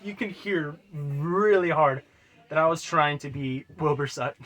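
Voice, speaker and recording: A man casually explaining how he made his own song, rambling loosely with many fillers and quiet trailing asides. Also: fairly high pitch, fairly even intonation, measured pace. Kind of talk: casual music breakdown.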